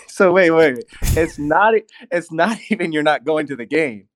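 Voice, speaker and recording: A man's voice: on the high side, lively intonation, moderate pace, dry recording. A man in casual chat, teasing his friend and laughing often.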